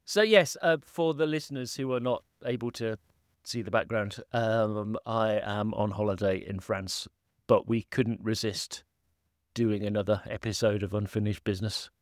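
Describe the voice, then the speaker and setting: A man's voice: on the low side, normal speed, no echo, studio quality. A man hosting a podcast from a laptop while on holiday, chatting casually in a rambling, self-deprecating way full of fillers. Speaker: podcast host. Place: holiday home indoors, at a laptop.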